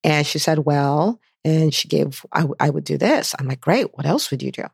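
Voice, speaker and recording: Enthusiastic woman podcast host, gravelly. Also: low voice, moderate pace, no echo, studio quality. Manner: enthusiastic, animated storytelling with repeated questions. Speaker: podcast host and physician business coach. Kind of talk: solo podcast monologue.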